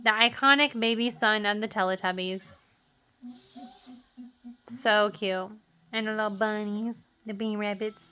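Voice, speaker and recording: A woman's voice: mid-range voice, steady tone, unhurried, pauses often, pushed and bright, a little hiss or hum. A young woman vlogger telling a story in a casual, rambling way, full of "like" fillers, still shaken and jittery.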